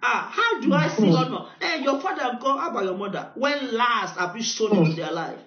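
A man with a Nigerian accent preaching a sermon as pastor, telling a story and building to shouted decrees. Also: very high voice, big pitch swings, a little fast. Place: church hall. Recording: echoey, dull church recording.

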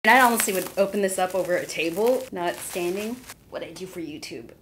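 A young woman in a casual unboxing vlog, excitable and gushing, squealing and gasping as she opens gifts. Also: on the low side, fairly quick, slight background noise.

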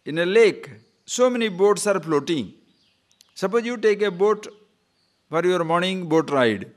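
A man teaching a spiritual class with a lively, higher voice that rises and falls widely. He keeps asking rhetorical questions and acts out shouts in his stories. Birds can be heard behind him. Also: measured pace. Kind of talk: spiritual discourse to a live class.

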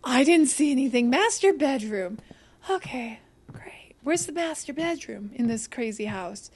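A young woman streams a horror game live and chats with her viewers, jumpy and quick to swear, shrieking and laughing whenever something startles her. Her voice is high-pitched, expressive and a little mellow.

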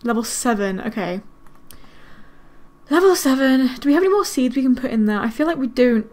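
A gaming video creator does casual let's-play commentary, talking to her game characters with quick, excited exclamations. Her voice is fairly high-pitched.

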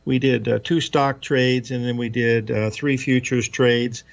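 Male guest trader, gravelly, easygoing, lo-fi phone-ish sound. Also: medium pitch, little pitch movement, a little slow. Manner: easygoing, many fillers. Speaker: guest trading educator. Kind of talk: radio interview. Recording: dull lo-fi line.

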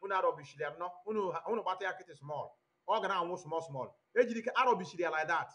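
A man with a Nigerian accent hosting an online commentary stream, talking in an animated way and switching between Igbo and English mid-sentence. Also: high-pitched, quick pace. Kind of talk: livestream commentary. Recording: dull lo-fi audio.

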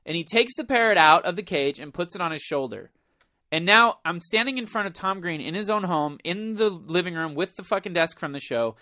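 Bright-voiced man telling a wild story. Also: high voice, a little fast, dry recording, studio quality. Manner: animated, profane, reenacts his own panicked thoughts. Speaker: podcast co-host. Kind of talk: casual chat, storytelling.

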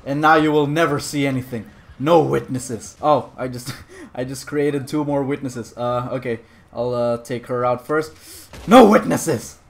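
A young man giving jokey gameplay commentary who keeps breaking into loud yelps. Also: mid-range voice, fairly even intonation, moderate pace. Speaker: gaming video host.

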